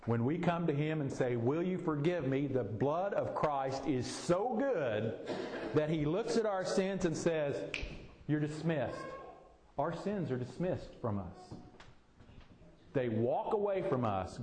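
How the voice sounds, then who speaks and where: A man's voice: a little high, lively intonation, takes it slowly, a little mellow. A middle-aged man preaching a sermon in a folksy, explaining way, using homely examples, recorded in a church hall. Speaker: pastor. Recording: echoey hall, voice from a distance.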